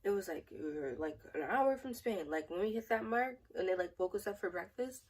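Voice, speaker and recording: A woman's voice: mid-range voice, lively intonation, moderate pace, darkish tone, breathy edge, distant mic, poor audio. A young woman in a casual storytime vlog, rambling and chatty with many fillers. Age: young adult. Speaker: vlogger.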